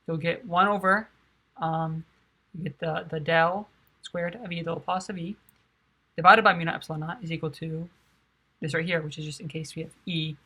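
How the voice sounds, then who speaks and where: Tired young woman mumbling through physics math, soft and low-key, bright tense voice, kinda low pitched. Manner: soft, low-key, thinking aloud with many fillers. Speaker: physics tutor. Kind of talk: quiet math derivation.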